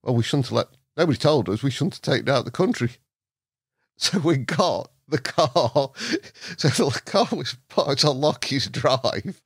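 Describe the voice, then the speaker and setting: Male podcast guest, English, lively storyteller who does voices, dry studio sound. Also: a little high, measured pace, husky, dry recording. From England. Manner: lively, acts out voices in his stories, laughs often. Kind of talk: anecdotal storytelling.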